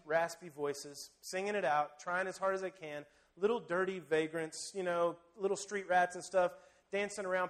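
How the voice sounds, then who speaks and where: High-voiced man preaching with dramatic swings. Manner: vivid storytelling, dynamic swings between loud and hushed. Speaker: pastor. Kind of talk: sermon.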